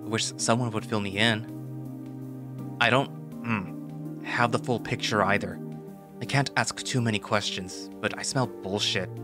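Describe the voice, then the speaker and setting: A man voicing a huge, gruff male dinosaur fighting champion, grumbling in a low, urgent tone. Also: steady tone, unhurried, long pauses, lightly acted. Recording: voice over loud background music.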